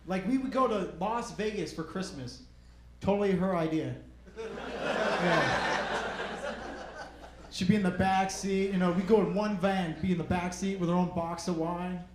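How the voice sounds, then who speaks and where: High-voiced male stand-up comedian. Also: a little slow, pauses often. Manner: storytelling, acting out scenes. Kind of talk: stand-up routine. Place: comedy stage. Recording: roomy club recording, loud noise.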